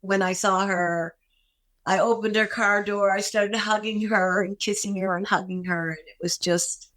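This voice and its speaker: A woman's voice: mid-range voice, fairly even intonation, normal speed, a bit bright. An older woman, a guest actress, telling a personal story in a podcast interview, emotional and repeating phrases for emphasis.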